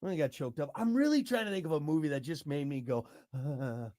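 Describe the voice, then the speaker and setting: A man hosting a casual podcast chat. He is animated, laughs often and trails off mid-sentence. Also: a little high, fairly quick, dry recording, clean studio sound. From grew up on a farm. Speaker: show host.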